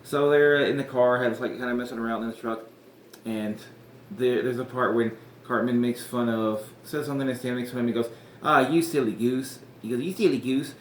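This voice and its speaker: A man's voice: medium pitch, fairly even intonation, fairly quick. A man hosting a podcast, recapping an episode in casual chat, rambling, swearing and laughing often. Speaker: podcast host. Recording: echoey room with faint noise.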